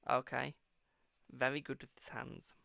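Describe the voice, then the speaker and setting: A man's voice: medium pitch, completely flat delivery, measured pace, vocal fry, pushed and bright, dry recording, studio quality. A British man hosting a live-stream tarot reading, chatty and affectionate, calling viewers darling and boo.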